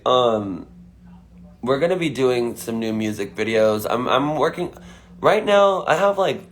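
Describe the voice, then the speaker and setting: A man's voice: lowish voice, a little hiss or hum. A man chatting casually on a phone livestream, answering fan questions with lots of fillers. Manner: chatty, filler-heavy, frequent "like".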